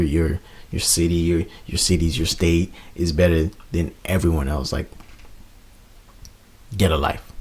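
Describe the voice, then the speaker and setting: Low husky man ranting on a podcast. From Florida. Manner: animated, ranting, many restarts and fillers. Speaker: podcast host. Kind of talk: casual rant.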